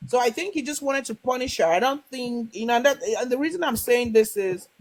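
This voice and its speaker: A woman hosting a casual livestream talks fairly quickly in a fairly high voice with lively intonation, and the recording is rough. She's retelling a story she heard, rambling, restarting sentences, filling gaps with small fillers, and sometimes acting out what the people in it said.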